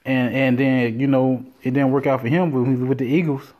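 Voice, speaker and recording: A man hosting a solo podcast, rambling and cursing freely as he tells stories in a casual, animated way. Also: medium pitch, brisk, highs cut off. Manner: profane, rambling, animated storytelling. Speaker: podcast host.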